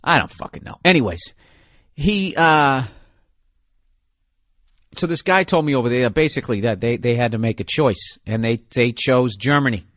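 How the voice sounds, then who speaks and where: A man's voice: medium pitch, moderate pace, long pauses, a bit bright, no room sound, clean studio sound. A man hosting a podcast, riffing in a rambling, profane, self-mocking comedic monologue. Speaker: podcast host.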